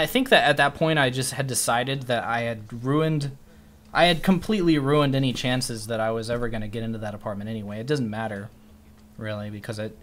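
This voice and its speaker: A man chatting casually on a stream, his voice sitting at an ordinary middle pitch. He rambles through a story with plenty of swearing and restarts, and turns lively and animated whenever he quotes someone. Faint music plays behind him.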